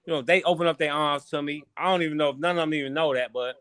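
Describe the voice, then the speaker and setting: Bright-voiced man telling stories. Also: a little high, very fast, clean tone, no room sound. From Chicago, USA. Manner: animated storyteller, loose slangy talk with swearing. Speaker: podcast guest, former boxer. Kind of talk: casual storytelling interview.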